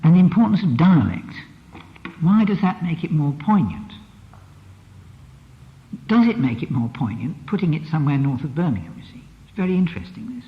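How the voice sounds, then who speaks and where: A man lecturing in a reverberant hall, his voice a little higher than most men's. He talks reflectively and stresses key words, turning a phrase over to show its weight. The old archive recording sounds dull and muffled. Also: lively intonation, normal speed, pauses often. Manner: reflective, emphatic, repeats phrases with shifting stress. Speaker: psychotherapist lecturer.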